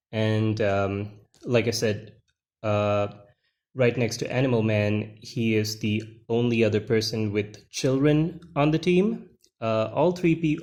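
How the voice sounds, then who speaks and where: Guy rambling casually about old comics, lots of uhs and restarts, mid-pitched voice. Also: a little mellow. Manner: rambling, many fillers and restarts. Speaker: comic book reviewer. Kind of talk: casual commentary on comic pages.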